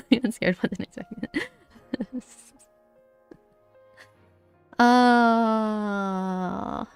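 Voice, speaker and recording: A woman's voice: fairly high pitch, very slow, vocal fry, long pauses, clean tone, dry recording, soft background music. A woman streamer chatting casually during a game, giggly and apologetic, talking close to her mic. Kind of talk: casual gaming livestream chat. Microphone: close desk mic.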